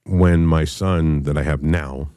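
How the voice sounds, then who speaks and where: A man in his thirties telling a personal story in a candid, profane way, halting often with fillers. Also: a bass voice, steady tone, dark tone, no room sound, studio quality. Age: 30s.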